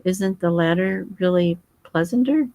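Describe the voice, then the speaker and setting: A woman's voice: on the low side, unhurried, warm tone, no room sound, low-quality recording. A woman voicing an earnest, boyish young English husband who talks frankly and eagerly.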